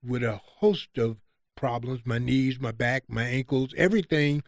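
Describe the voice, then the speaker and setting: Animated man telling lively stories. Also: mid-range voice, a little slow, creaky, dry recording, studio quality. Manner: animated, acts out quoted exchanges in a raised voice. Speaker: guest. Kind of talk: conversational storytelling.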